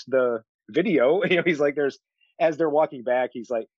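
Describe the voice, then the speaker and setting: A man's voice: a little high, brisk, no room sound. Brief: enthusiastic male film podcaster, laughs a lot, muffled lo-fi mic. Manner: enthusiastic, laughing often, acting out movie lines. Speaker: podcast co-host discussing a film. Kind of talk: casual film discussion.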